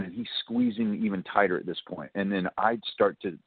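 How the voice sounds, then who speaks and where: A man on a radio talk show, telling a story in a chatty, animated way, acting out what people said and laughing often. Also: deep voice, brisk, gravelly, husky, no echo. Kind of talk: casual phone-in storytelling. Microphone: telephone. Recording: tinny phone line.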